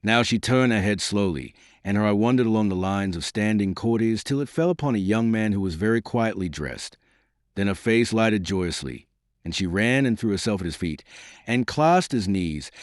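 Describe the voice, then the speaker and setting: Man reading an old novel aloud, low voice, really lively intonation, super dry close sound. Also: no echo. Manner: measured, expressive reading. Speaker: audiobook narrator. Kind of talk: storybook narration.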